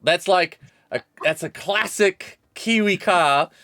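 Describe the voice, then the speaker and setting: A man's voice: high voice, pushed and bright. A man running a tabletop game as game master, often stopping and restarting his sentences. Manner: halting, restarts mid-sentence.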